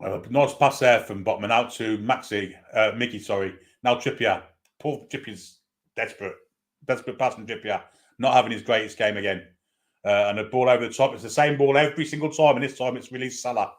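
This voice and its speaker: A man's voice: medium pitch, brisk. A man giving partisan live play-by-play commentary on a football match as a fan, with running asides.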